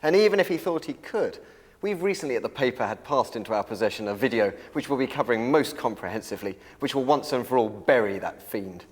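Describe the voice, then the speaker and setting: A newspaper journalist, a man, speaks emphatically and quickly, his pitch leaping around. His voice trails a long reverb. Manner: emphatic, animated.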